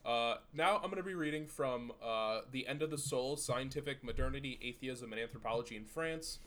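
A man co-hosting a casual podcast, laughing often and pausing with fillers while he reads out sources. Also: mid-range voice, fairly bright tone. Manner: laughing, full of fillers, crude jokes. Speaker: podcast co-host.

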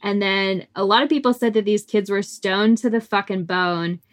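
A woman's voice: medium pitch, normal speed. A woman co-hosting a podcast, telling spooky stories in a casual, slangy way with laughs and swearing. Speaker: podcast co-host. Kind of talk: casual chat, telling a ghost story.

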